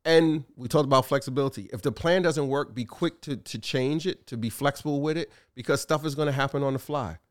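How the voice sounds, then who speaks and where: A man co-hosting a casual talk show, telling animated stories with lots of fillers and acted-out quotes. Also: medium pitch, a little fast, hardly any pauses. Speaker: co-host, store owner. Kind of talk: casual chat.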